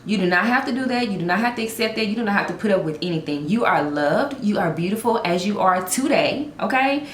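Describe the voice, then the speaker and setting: A woman's voice: mid-range voice, lively intonation, fast, hardly any pauses, reverberant, a little hiss or hum. A woman telling a personal story in a heartfelt vlog, speaking earnestly and encouraging her viewers with emphatic repetition. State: tearful at times. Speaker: vlogger.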